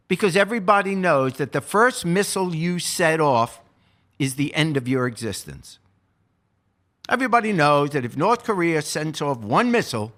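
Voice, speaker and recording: A man's voice: medium pitch, fairly bright tone. A man in his seventies with an American accent, hosting a podcast and giving emphatic political commentary that repeats its points. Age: 70s. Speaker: podcast host.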